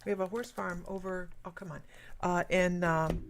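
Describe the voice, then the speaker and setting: A woman's voice: fairly low pitch, steady tone, moderate pace. Chatty woman running a livestream, laughs a lot, greets people by name, faint hiss behind. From Michigan, USA. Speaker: psychic medium livestream host. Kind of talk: casual livestream chat.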